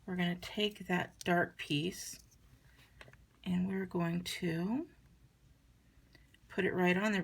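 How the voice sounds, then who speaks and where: Slow, gravelly-voiced woman teaching crafts. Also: lowish voice. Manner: chatty, relaxed, talks while working. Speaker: card-making instructor. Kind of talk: crafting tutorial demonstration.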